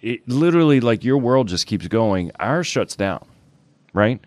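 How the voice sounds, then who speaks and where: A man's voice: mid-range voice, expressive, a little slow. A man from Louisiana co-hosting a casual podcast in a studio, joking and laughing often. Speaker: podcast co-host.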